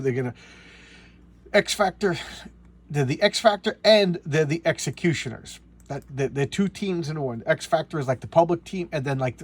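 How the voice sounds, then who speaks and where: A medium-pitched man reviews an old comic over a slight hiss or hum. His monologue is casual and sarcastic, rambling along with many restarts and trailing asides.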